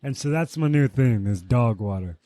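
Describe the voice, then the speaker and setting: Man, podcast co-host, casual storytelling, profane, heated outbursts, mid pitch, dry close sound. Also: lively intonation, normal speed, mellow, no echo.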